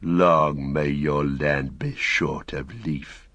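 A man voicing a bitter, fallen old wizard who talks slowly and mockingly, in an audiobook reading. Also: very deep voice, a bit bright, no echo, full character voice. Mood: scornful. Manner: slow, sneering, mocking.

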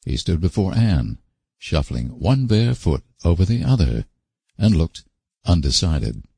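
Gravelly, husky male audiobook narrator. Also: low voice, no room sound. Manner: measured, expressive reading.

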